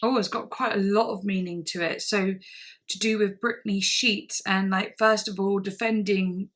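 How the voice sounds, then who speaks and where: A woman's voice: medium pitch, fairly even intonation, normal speed, fairly bright tone. A woman doing casual, effusive music reaction commentary, chatty and swearing freely.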